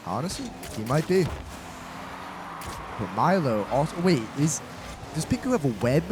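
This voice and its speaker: A man giving live esports play-by-play from a college studio set, excitable and tripping over his words. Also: a little high, moderate pace. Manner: excitable, stumbles and repeats words. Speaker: esports caster. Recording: steady background noise.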